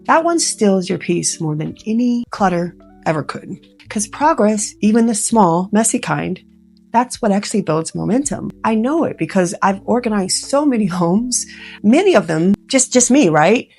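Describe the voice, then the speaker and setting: A woman, a professional organizer, giving earnest, emotional and gently reassuring advice straight to the viewer. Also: medium pitch, expressive, normal speed, gravelly, faint music behind. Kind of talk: heartfelt direct-to-camera advice.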